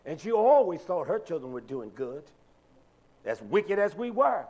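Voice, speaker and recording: A man's voice: high-pitched, sing-song, normal speed, darkish tone, rough recording. A man preaching a sermon with an emphatic, repetitive cadence.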